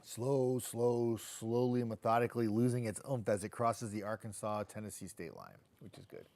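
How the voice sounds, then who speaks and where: A man's voice: lowish voice, brisk, vocal fry, darkish tone. Chatty weatherman reading comments. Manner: chatty, loose, jokey, with frequent restarts. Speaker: TV meteorologist hosting a live stream. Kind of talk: casual live-stream chat reading viewer comments.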